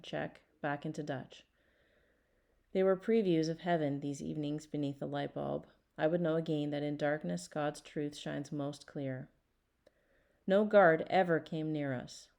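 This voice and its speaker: Low, creaky-voiced woman reading a memoir. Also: darkish tone. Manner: measured, earnest first-person reading. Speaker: audiobook reader. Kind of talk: audiobook narration of a memoir.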